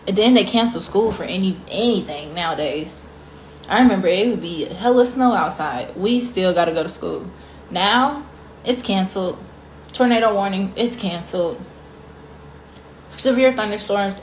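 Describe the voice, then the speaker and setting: A woman delivers a casual rant to camera, her tone irritated and full of rhetorical questions. The room around her is roomy and echoey, with a faint hiss underneath. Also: medium pitch.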